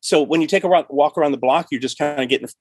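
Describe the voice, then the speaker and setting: A middle-aged male podcast host and writer in casual chat, animated and often restarting and repeating himself. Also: a little high, very fast, no room sound.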